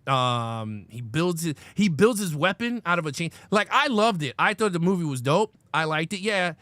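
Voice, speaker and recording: A man co-hosting a casual film review chat, retelling favorite scenes with animated enthusiasm and casual swearing. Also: a little high, normal speed, no echo. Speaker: podcast co-host.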